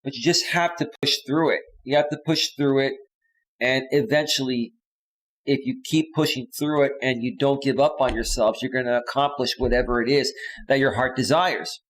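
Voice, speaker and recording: A man's voice: medium pitch, fairly even intonation, normal speed, rough recording. Chatty man hosting a live stream. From San Francisco Bay Area. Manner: chatty, talks straight to viewers, drops to soft sighs. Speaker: life coach and live stream host. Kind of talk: casual live stream chat reading comments.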